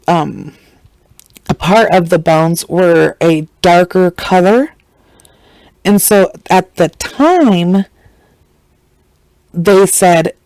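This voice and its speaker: A woman's voice: darkish tone, no room sound, rough recording. A woman, hosting a podcast, retelling a true-crime case in casual, blunt storytelling and acting out the people she quotes. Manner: chatty, acts out quotes with shifting pitch; blunt and irreverent. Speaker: podcast host.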